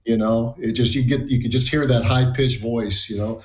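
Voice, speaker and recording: A man giving measured, analytical commentary on a sports talk show. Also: medium pitch, darkish tone, reverberant.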